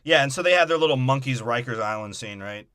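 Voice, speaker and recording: A man co-hosting a podcast, tossing out crude, profane jokes in loose movie-breakdown banter. His voice sits at an ordinary middle pitch. The recording is close and dry, with no room sound. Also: animated, fast talker, a bit bright, smooth, dry recording. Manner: crude, profane, joking riffs. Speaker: podcast co-host.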